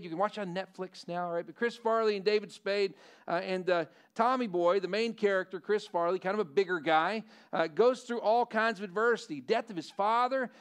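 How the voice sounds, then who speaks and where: A man's voice: sits high, smooth. A middle-aged male pastor preaching a sermon in a conversational way, often asking the congregation questions.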